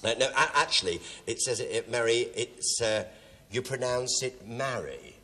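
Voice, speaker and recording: A man's voice: mid-range voice, normal speed, sharp tone. A middle-aged man hosting a TV game show, chatting with contestants in camp, teasing banter full of asides and giggles. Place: TV studio with live audience. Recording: broadcast TV studio with audience noise.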